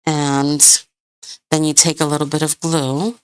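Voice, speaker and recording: Lady crafter rambling through a live tutorial, low unhurried voice, dry close sound. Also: level tone, darkish tone, clean tone, dry recording. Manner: chatty, rambling, hunts for words, laughs often. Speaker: crafting channel host.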